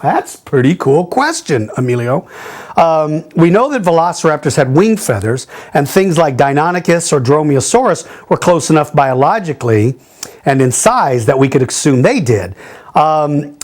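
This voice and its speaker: A man's voice: a little high, very animated, moderate pace, a little mellow. A middle-aged man hosting a casual question-and-answer video, friendly and jokey, thinking aloud with fillers. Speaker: host answering viewer questions.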